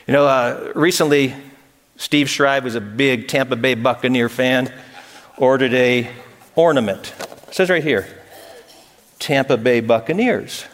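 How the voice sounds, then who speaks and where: A man's voice: medium pitch, a little slow, pauses often. A man preaching a sermon as pastor, earnest and building to emphatic peaks, with touches of humor. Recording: long hall reverb.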